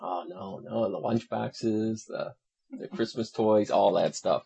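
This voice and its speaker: Gravelly husky man with dry wit. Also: lowish voice, takes it slowly, mellow. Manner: dry, wry joking. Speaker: voice actor. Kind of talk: joking banter between takes.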